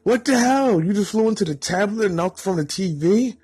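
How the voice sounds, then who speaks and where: Storybook role: a man doing a flustered, outspoken young woman, pitched well up, husky. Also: animated, moderate pace, a little mellow, faint music behind, exaggerated voice. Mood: startled.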